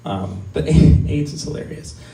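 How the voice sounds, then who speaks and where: A man's voice: a little high, lively intonation, measured pace, noisy background. A man in his fifties doing a stand-up set at an open mic, crude and self-deprecating, rambling with many ums. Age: 50s. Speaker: stand-up comic. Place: small comedy venue. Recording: roomy, mic heard from a distance.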